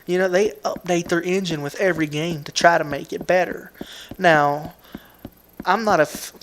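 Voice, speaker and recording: A man with a Southern US drawl talks casually in a slightly high voice, rambling and restarting his sentences as he goes. He sounds laid-back, and a faint hiss sits under the recording. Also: fairly even intonation, normal speed. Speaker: gaming video host.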